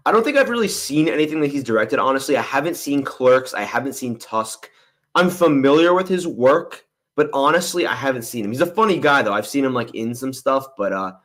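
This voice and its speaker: A man's voice: medium pitch, fairly bright tone. Chatty young man rambling on a livestream. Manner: rambling and candid, often says honestly and "I'm gonna be real". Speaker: movie reviewer hosting a livestream Q&A. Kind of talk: casual livestream chat answering viewer questions.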